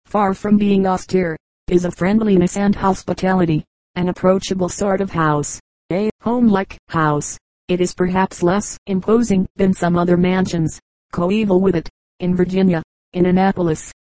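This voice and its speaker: Mellow-voiced woman reading calmly. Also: lowish voice, dry recording, rough recording. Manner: measured, even reading. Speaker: audiobook reader. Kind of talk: scripted narration.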